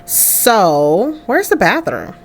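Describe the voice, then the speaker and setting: Speaking at medium pitch with huge swings and drawn-out words, a young let's play host offers casual commentary on a life-sim game. She talks directly to her character as she plays.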